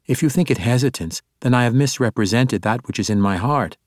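A man's voice: mid-range voice, fairly quick, no echo, studio quality, voice pushed up, lightly acted. A man voicing an earnest, exuberant male monk who speaks formally and courteously in an audiobook.

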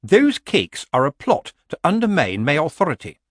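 A man's voice: a little high, huge pitch swings, normal speed, a bit bright, dry recording, clean studio sound, pitched above the performer's own voice, heavily acted. A man voicing a pompous, suspicious committee woman who talks in an accusing tone. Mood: fussy.

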